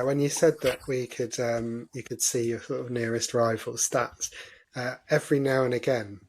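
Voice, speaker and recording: A man co-hosting a casual podcast, with a middling, ordinary pitch. He talks thoughtfully and hesitantly, with frequent ums and uhs. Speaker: podcast co-host. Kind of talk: casual chat.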